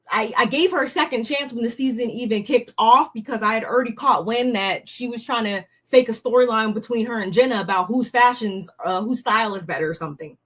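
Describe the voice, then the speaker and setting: This young woman's voice is on the high side with a breathy edge. She gives a blunt, slang-filled reality show recap as casual commentary, often sounding fed up.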